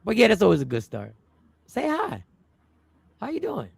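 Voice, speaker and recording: A man who is a comedian, hosting a casual livestream chat and telling animated stories that repeat lines for effect. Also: high-pitched, normal speed, creaky, slightly rough, no echo. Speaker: host.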